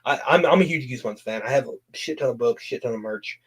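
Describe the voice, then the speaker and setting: Husky-voiced guy gushing about horror. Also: medium pitch, quick pace. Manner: enthusiastic fan, swears, trailing fillers. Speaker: guest. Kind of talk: casual horror chat.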